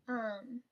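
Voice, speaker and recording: A woman's voice: on the high side, slightly rough, dull audio. A woman chatting casually, telling work stories with lots of fillers, swearing and laughs. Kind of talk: casual storytime chat.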